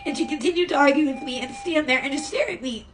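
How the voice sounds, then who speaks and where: A woman's voice: high voice, quick pace, distant mic, slight background noise, poor audio. A woman vlogging from her hospital room, telling an upset story about a nurse. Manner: upset, venting. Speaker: hospital patient. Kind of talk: casual storytime vlog.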